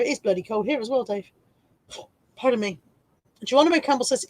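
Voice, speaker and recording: A woman's voice: lively intonation, fast, no room sound, rough recording. A woman hosting a casual live stream from home, reading viewer comments aloud and laughing easily. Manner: high baby-talk voice to her dog.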